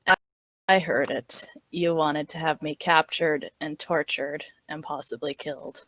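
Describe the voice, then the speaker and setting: A woman voicing a stern male captive in a tabletop game, speaking flatly and accusingly. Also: deep voice, a little slow, no room sound. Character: cold stern man, wary captive ally.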